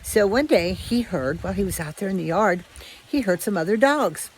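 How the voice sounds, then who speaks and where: A woman telling a children's story aloud in a relaxed, conversational way with frequent restarts. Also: medium pitch, normal speed, a little hiss or hum, rough recording. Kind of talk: casual oral storytelling.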